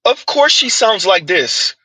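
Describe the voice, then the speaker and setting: A man's voice: high voice, big pitch swings, a little slow, sharp tone, breathy edge, dry recording, rough recording. A man giving a mocking opinion commentary, full of rhetorical asides and scornful dismissals. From United States.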